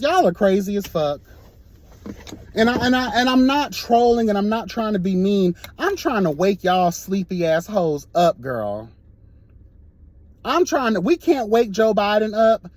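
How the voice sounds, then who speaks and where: This man has a high, slightly mellow voice and is vlogging from behind the wheel, captured on his phone. He gives a passionate, sassy no-nonsense rant, hammering his points and calling everyone "girl."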